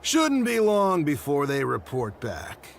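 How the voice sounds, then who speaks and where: Game dialogue from an unflappable male official with a fairly high voice that swings widely in pitch and an unhurried delivery, wry and breezy in manner, with faint music underneath. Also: wildly swooping pitch, creaky, exaggerated voice. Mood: unbothered.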